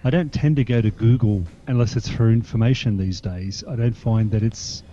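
A man's voice: mid-range voice, normal speed, dark tone, muffled recording, soft background music. An older man with an Australian accent and a nasal voice, rambling through stories in casual chat. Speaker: panelist.

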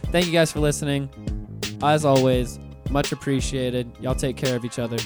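A man hosting a podcast, talking in a relaxed, slangy way and hyping up his guest. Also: mid-range voice, normal speed, loud music behind the voice. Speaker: podcast host. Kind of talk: casual interview chat.

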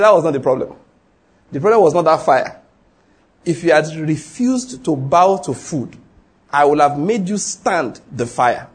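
A man's voice: on the high side, darkish tone, breathy edge. A man preaching a sermon, emphatic and repetitive, often checking whether his listeners follow. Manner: emphatic, repeats points, asks the listeners if they follow.

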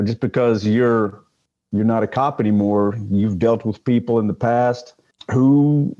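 A man's voice: medium pitch, dark tone, highs cut off. An older man, a retired police sergeant, telling stories in a casual interview, rambling with many fillers and restarts.

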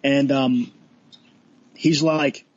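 A man, a bartender, casually telling a work story, animated, swearing and acting out what people said, with laughs. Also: medium pitch, extremely slow, muffled recording. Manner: animated, swearing, laughs often, acts out quotes.

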